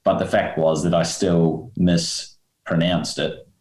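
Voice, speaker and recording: A deep-voiced man co-hosting a podcast, heard in a roomy, echoey space. He is jokey and rambling, and trips over the odd word. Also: little pitch movement, slow, a little mellow. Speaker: podcast co-host. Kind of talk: casual podcast chat. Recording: roomy echo.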